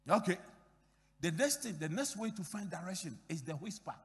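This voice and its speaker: A man's voice: sits high, big pitch swings, normal speed, in a large hall. A middle-aged man from Ghana preaching a sermon as pastor, emphatic, repeating key phrases and acting out dialogue in his stories.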